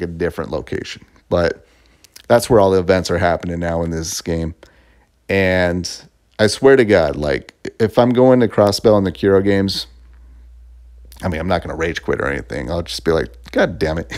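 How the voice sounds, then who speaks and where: A man with a deep, low-pitched voice talks through a game review in a loose, chatty way. He rambles, circles back on his points and laughs between thoughts. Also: lively intonation, normal speed, a little mellow. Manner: rambling and chatty, laughs often, fillers and restarts. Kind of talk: casual spoken game review.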